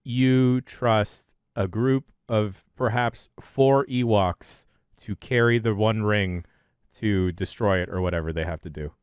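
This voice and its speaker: A man's voice: fairly low pitch, slow, clean tone, no echo, studio quality. A man hosting a podcast, steering the chat back to the topic with mock-hurt jokes. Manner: steers the talk, mock-wounded joking. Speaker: podcast host.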